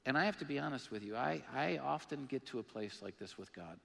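A male pastor preaching a sermon, emphatic and animated, with self-deprecating humor. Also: medium pitch, a little fast, vocal fry. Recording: long reverb of a large hall.

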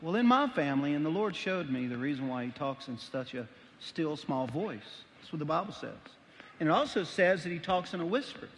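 A middle-aged man, preaching a sermon as pastor, telling stories animatedly and swinging between loud and hushed. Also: on the high side, animated, a little fast, slight background noise. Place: church auditorium. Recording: long reverb of a large hall.

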